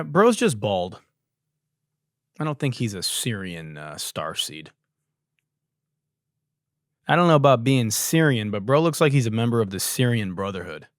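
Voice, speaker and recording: A man's voice: on the low side, dry recording, clean studio sound. A young man hosting a podcast, riffing crudely and sarcastically in casual comedy. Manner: crude, sarcastic, jumps between mumbles and loud outbursts. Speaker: podcast host.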